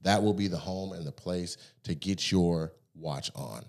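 Male podcast host, very low voice, relaxed plugging, studio mic. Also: unhurried. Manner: laid-back promotional pitch with fillers. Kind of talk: casual chat. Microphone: studio microphone.

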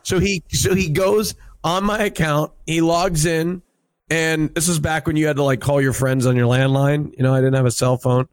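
A young man in casual group chat, telling a gaming story in a lively way, full of "like" and "dude". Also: a little high, normal speed, no room sound. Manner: animated storyteller, many "like" and "dude".

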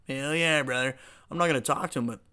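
A man's voice: medium pitch, fast talker, pushed and bright, clear, resonant tone, natural voice. A man voicing a smug, laid-back male God figure who talks casually and crudely. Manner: casual, crude, self-satisfied.

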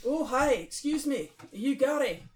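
A woman's voice: high voice, expressive, normal speed, echoey room, distant mic. A woman with a northern English accent voicing Dean, a polite, awkward Scottish man joining a reenactment group, with a shaky put-on Scottish accent in a comedy sketch. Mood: earnest.

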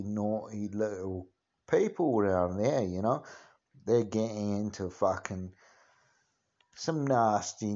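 A man's voice: on the low side, a little mellow, muffled recording. A man hamming up a sweary cockney geezer. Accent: Cockney, put on. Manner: rambling, sweary, full of filler phrases. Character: swaggering male cockney geezer, crude. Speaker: podcast host. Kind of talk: comic impression monologue.

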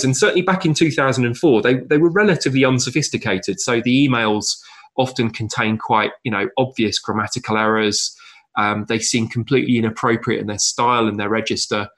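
A man from southern England co-hosts a language podcast, filling his casual talk with ums and you-knows. His voice sits at an ordinary middle pitch. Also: a bit bright. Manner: hesitant, many fillers. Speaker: podcast co-host. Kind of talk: casual discussion.

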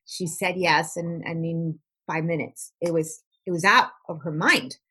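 A woman with a lowish, husky voice speaks as an interview guest. She talks earnestly and often repeats words as she searches for the right phrase, in a plain conversational way. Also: steady tone, unhurried, sharp tone. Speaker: guest, trauma recovery practitioner.

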